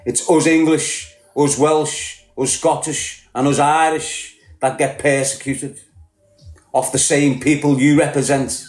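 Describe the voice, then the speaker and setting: A man's voice: a little high, level tone, slow, darkish tone, reverberant. A man with a Liverpool accent ranting bluntly on a podcast, combative and full of swearing. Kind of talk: heated podcast rant.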